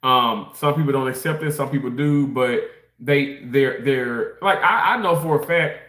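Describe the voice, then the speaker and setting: A man's voice: medium pitch, moderate pace, fairly bright tone, roomy sound. A man from Mississippi, chatting casually on a livestream, rambling, laughing and reading comments while he eats. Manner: rambling, laughs often, reads out chat comments. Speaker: livestream host reading chat.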